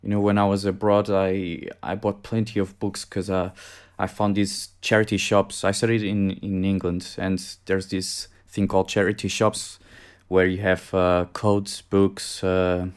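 A man's voice: low voice, little pitch movement, unhurried, smooth. A man from Portugal, an English speaker, joining a casual film discussion as a guest and talking thoughtfully, searching for words. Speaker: podcast guest.

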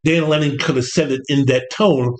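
A man hosting a casual sports talk show, rambling and animated, slipping now and then into mocking impressions of coaches. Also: medium pitch, normal speed. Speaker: podcast host.

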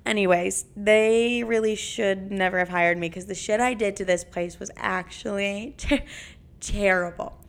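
A woman's voice: mid-range voice, a little slow, vocal fry, clear, resonant tone. Foul-mouthed young woman telling stories. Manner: swears freely, lots of "like"; animated, jumps into acted-out voices. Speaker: podcast host. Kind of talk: casual storytelling.

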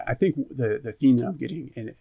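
A man's voice: medium pitch, a little fast, mellow, slightly rough. A man interviewing a guest, asking long, probing questions in a casual conversation.

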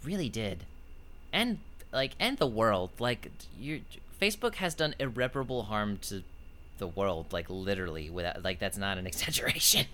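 A man's voice: lowish voice, very animated, moderate pace, sharp tone. A man co-hosting a podcast, chatting casually in a rambling, sardonic way and swearing now and then. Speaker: podcast co-host. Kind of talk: casual chat.

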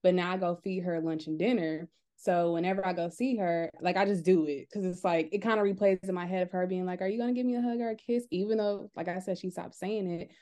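Mellow-voiced young woman telling stories. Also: fairly low pitch, fairly quick, few pauses. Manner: animated storyteller, acts out family voices. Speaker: podcast co-host. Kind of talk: casual podcast chat.

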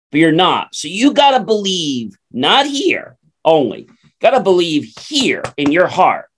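A man co-hosting a motivational talk show, acting out little dialogues in changing voices as he makes his points. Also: on the high side. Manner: animated, acts out little dialogues in character voices. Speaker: co-host.

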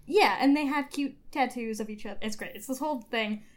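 A woman's voice: on the high side, fairly quick. A woman co-hosting a podcast, chatting casually in a gossipy, teasing way and laughing often. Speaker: podcast co-host. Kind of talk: casual chat.

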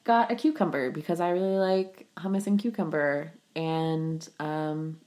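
Woman, podcast co-host, slightly low voice, wry and teasing in casual chat. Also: fairly even intonation, a little slow, a little mellow.

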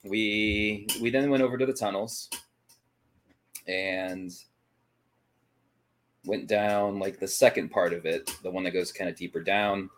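A man's voice: lowish voice, fairly even intonation, a little slow, long pauses, fairly bright tone. A man co-hosting a paranormal podcast, casually recapping a ghost-hunting night, rambling with frequent restarts. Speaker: paranormal investigation podcast co-host.

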